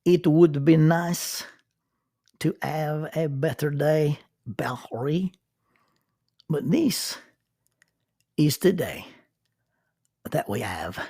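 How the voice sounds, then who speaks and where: A man voicing a calm French mountain climber, speaking slowly and gently. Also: a little high, gravelly, no echo, studio quality, voice pushed up, exaggerated voice. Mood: gentle.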